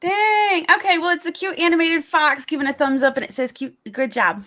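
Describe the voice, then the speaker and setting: A woman's voice: sits high, brisk, pushed and bright. A woman chatting on a live stream panel, cheerful and giggly. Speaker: livestream panelist. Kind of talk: casual live stream chat.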